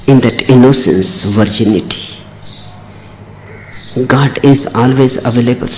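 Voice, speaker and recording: A man delivers a spiritual discourse at an unhurried pace, each short phrase landing with weight. His pitch sits in an ordinary middle range. A faint hiss runs behind the old recording. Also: a little mellow, poor audio. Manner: slow, deliberate, emphatic short phrases. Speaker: spiritual teacher.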